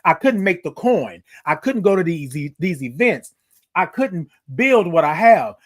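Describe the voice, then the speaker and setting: A man's voice: high-pitched, big pitch swings, a little slow. A young man hosting a motivational livestream, talking casually to viewers, greeting commenters by name and stretching out his greetings with a playful sing-song. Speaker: livestream host.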